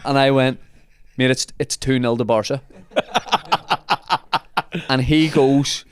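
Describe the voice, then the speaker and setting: A man hosting a comedy podcast, telling an animated anecdote in casual chat and laughing often. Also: medium pitch, slow pace, pauses often, a crowd in the background.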